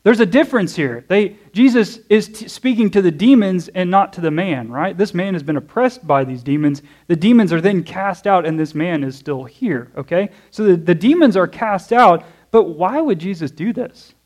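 High-voiced preacher checking in with the room. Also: male voice, animated, moderate pace, few pauses, darkish tone. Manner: conversational, checks in with "okay?" and "right?"; asks questions to the audience and answers them. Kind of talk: expository sermon. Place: church.

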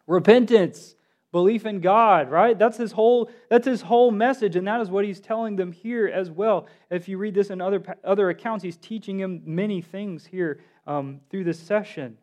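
A man preaching a sermon, animated, asking his listeners questions and acting out the quotes he reads. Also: high voice, normal speed. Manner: animated, asks the congregation questions, acts out quotes.

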